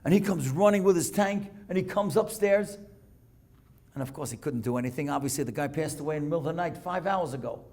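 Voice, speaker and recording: A man rabbi tells stories in a synagogue talk, his voice pitched high with a gravelly edge. He speaks in an animated way, reads Hebrew texts aloud and translates them as he goes. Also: quick pace. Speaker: rabbi giving a guest lecture. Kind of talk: storytelling sermon. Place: synagogue lecture.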